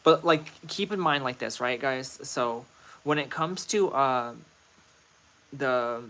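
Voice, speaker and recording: A man casually hosting a livestream, talking straight to his viewers in a playful, rambling way. His voice is bright and forward. He sits in a middle range of pitch. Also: takes it slowly. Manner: chatty, playful, talks to chat directly. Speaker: livestream host.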